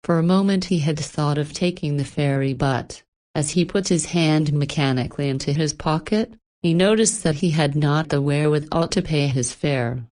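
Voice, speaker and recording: A woman with a low voice reads a classic adventure novel aloud as an audiobook narrator. Her delivery is steady and even. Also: moderate pace. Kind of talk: scripted narration.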